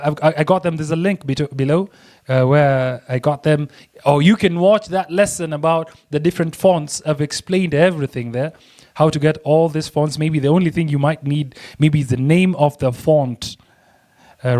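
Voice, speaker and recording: Male design tutor, excitable and chatty, somewhat high-pitched. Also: normal speed. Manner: excitable, chatty, laughs often. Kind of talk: screen-recorded software tutorial.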